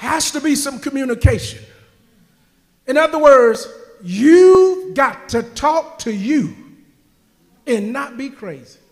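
A man preaching a fervent sermon as pastor, repeating phrases and rising to shouts. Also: very high-pitched, lively intonation, slow pace, long pauses. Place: church sanctuary. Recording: long church-hall reverb.

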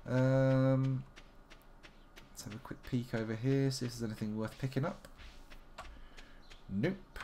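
A man's voice: mid-range voice, steady tone, unhurried, pauses often, mellow, a little hiss or hum. A man giving casual, wry live gameplay commentary, chatting to himself as he plays. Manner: chatty, wry, talks to himself while playing. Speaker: game streamer.

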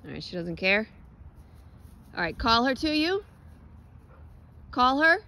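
A woman's voice: on the high side, big pitch swings, slow pace, bright, forceful tone, slight background noise, low-quality recording. Woman dog trainer coaching outdoors. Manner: directive, encouraging coaching. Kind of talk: hands-on coaching and explanation. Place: outdoors on a lawn.

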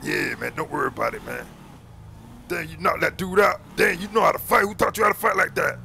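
A man's voice: a little high, a little fast, gravelly, sharp tone, a little hiss or hum, full character voice. A man voicing a bossy street gang recruiter, full of slang, constantly calling others boy and man. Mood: hyped.

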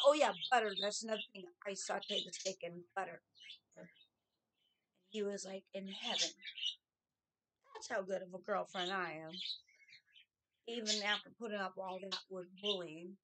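A middle-aged woman telling casual stories from her past, chatty and animated, acting out what people said. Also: moderate pace, long pauses, slight background noise. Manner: chatty, animated, acts out quotes in a higher voice. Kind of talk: casual storytelling.

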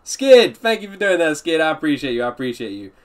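A man's voice: on the high side, very animated, quick pace. A man live-streaming a reaction, chatting upbeat with his viewers and greeting them by name. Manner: upbeat, greets and answers viewers' chat often.

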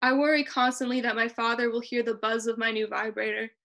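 A young woman reads her personal essay aloud over a video call, her tone bright and a touch high. She moves through the text in a measured and expressive way. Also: gravelly. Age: young adult. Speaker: student reader.

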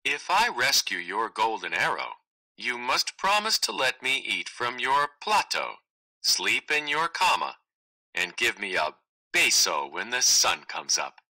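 A man's voice: mid-range voice, sing-song, unhurried, pushed and bright, exaggerated voice, rough recording. A man voicing a clever, enchanted little female frog in a read-aloud play, wry and teasing. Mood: bargaining. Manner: wry, teasing, matter-of-fact.

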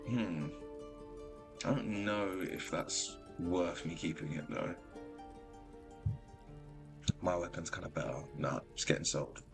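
A man giving casual commentary while streaming a video game. He is animated and excitable, and he laughs often. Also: sits low, slow, vocal fry, long pauses. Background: game music.

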